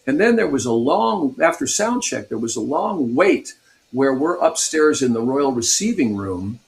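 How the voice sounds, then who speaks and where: A man's voice: mid-range voice, sing-song, a little slow. A man in his sixties from Pasadena, California, a guest guitarist animatedly telling stories in a radio interview and laughing often.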